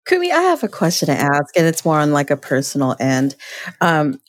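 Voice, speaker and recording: A woman interviewer asks a personal question, pausing and hesitating as she goes. Her voice is very low, yet it rises and falls a lot, and it sounds dry and close. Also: wildly swooping pitch, no room sound. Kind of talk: casual interview.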